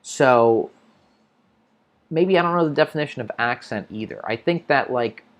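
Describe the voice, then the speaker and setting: A man's voice: mid-range voice, lively intonation, moderate pace. An American man hosting an English-learning livestream, casually answering viewer comments and thinking aloud with restarts. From United States.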